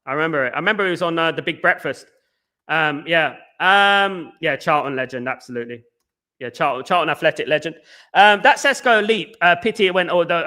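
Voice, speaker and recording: Fast-talking fan stream host. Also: male voice, a little high, bright, forceful tone. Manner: very fast-talking, reads out viewer comments. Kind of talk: casual live stream chat.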